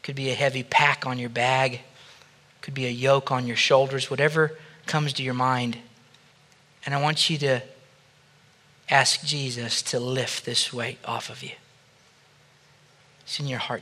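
A pastor with a very bright, forceful tone guides his listeners through prayer. He speaks softly and slowly, pausing between short phrases, at a middling pitch for a man. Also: level tone. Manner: soft, slow prayerful guidance that rises to loud praise.

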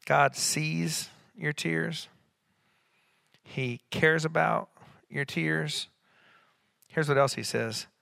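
Bright-voiced pastor preaching with emphatic swells. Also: male voice, fairly high pitch, vocal fry, no echo, studio quality. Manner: conversational, with quick asides and rising emphatic peaks. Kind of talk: sermon.

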